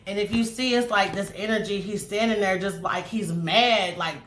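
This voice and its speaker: Woman, casual tarot reader; low-ish voice, chatty, swears, echoey room with faint hiss. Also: brisk. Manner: chatty, animated, swears freely, acts out spirit messages. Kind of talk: casual tarot reading to camera.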